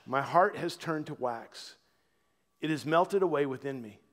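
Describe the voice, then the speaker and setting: A man preaching a sermon, swinging from loud proclamation to a hushed near-whisper. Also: a little high, expressive, measured pace, big-room sound. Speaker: pastor. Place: church.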